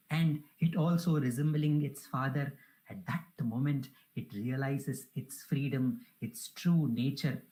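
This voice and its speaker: A woman's voice: sits low, warm tone, poor audio. A woman giving a devotional talk, telling a parable in an earnest, reverent way. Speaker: spiritual speaker.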